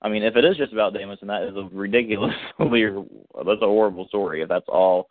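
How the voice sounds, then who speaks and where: A man's voice: on the low side, fast, no room sound. A man hosting a casual radio chat show, talking hesitantly with frequent restarts. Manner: hesitant, restarts often, laughs along. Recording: dry, phone-like line.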